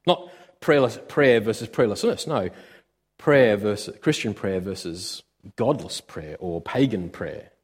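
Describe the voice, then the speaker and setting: Male pastor, sermon, expressive, stop-start phrasing, big reverberant hall. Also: lowish voice, measured pace, breathy edge. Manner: expressive, with sudden swings between loud and quiet; often hesitates with "uh" and restarts.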